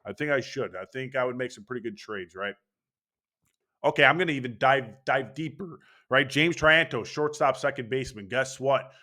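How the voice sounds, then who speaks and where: A young man who hosts a baseball channel delivers a casual sports opinion monologue, brash, profane, and full of hyped energy. His voice sits at medium pitch with a sharp tone.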